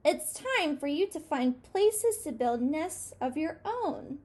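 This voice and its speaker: A gentle mother mouse in a storybook, as a woman reading aloud puts her on. She speaks slowly and kindly to her little ones in a high, soft voice. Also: lively intonation.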